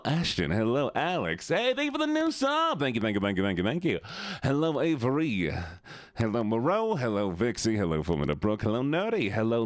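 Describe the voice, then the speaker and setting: A man's voice: medium pitch, no echo, studio quality. A man livestreaming, chatting playfully with his viewers and greeting them one by one. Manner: playful, teasing, greets chat by name. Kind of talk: casual live-stream chat.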